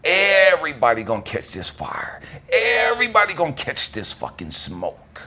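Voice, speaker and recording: A man giving an impassioned, profane motivational monologue, swinging between hushed whispers and raised outbursts. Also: fairly high pitch, huge pitch swings, moderate pace. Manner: profane, blunt street talk. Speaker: motivational speaker.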